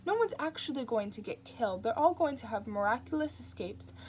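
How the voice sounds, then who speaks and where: A woman's voice: fairly high pitch, animated, slight background noise, lightly acted. A woman voicing a sardonic, snappish male demon in an audiobook reading. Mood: exasperated. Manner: quick, irritable and sly.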